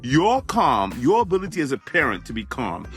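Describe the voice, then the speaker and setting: A man's voice: mid-range voice, wildly swooping pitch, moderate pace, a bit bright, faint music behind. A man hosting a motivational podcast, talking emphatically and conversationally and repeating phrases for effect. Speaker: podcast host and physician.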